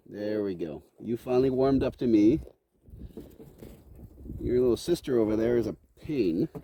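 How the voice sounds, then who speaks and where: Outdoors on his farm, a man narrates a casual homestead vlog in a warm, lowish voice, with a little hiss or hum in the audio. He chats easily while coaxing and scolding his goats.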